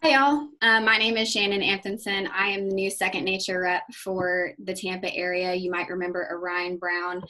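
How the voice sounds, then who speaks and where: A woman's voice: medium pitch, little pitch movement, moderate pace, hardly any pauses, sharp tone, low-quality recording. A woman introducing herself as a company rep on a video call, upbeat and friendly. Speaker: company sales representative.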